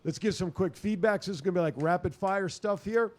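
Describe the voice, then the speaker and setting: A man hosting a podcast in casual chat, running through headlines and reading listener comments in a quick, rambling way. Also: sits high. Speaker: podcast host.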